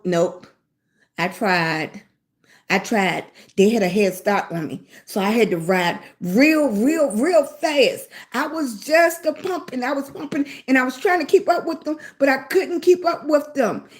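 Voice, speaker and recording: Woman livestreamer, slightly high voice, unhurried animated storyteller who repeats her lines. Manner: animated, repeats phrases, fills with mm-hmm. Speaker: lifestyle blogger on a livestream. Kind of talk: casual storytelling on a live stream.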